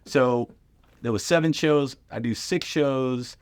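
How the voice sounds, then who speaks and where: A middle-aged man telling comedy anecdotes casually, with lively impressions and lots of fillers. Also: mid-range voice, slow pace, clear, resonant tone, dry recording. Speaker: guest comedian and radio host. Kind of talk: casual storytelling.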